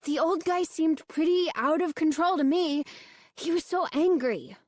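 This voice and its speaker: A woman voicing an uneasy, reluctant boy in a spooky storybook audiobook, reading slowly and hesitantly. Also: very high-pitched, no echo, clean studio sound, pitched above the performer's own voice. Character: twelve-year-old boy, nervous and reluctant.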